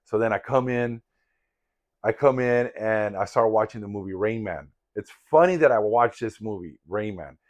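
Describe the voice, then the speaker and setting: Low-voiced older man telling a story. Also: normal speed. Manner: rambling, repetitive, candid and reflective. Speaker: vlogger in sobriety recovery. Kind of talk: casual personal storytelling.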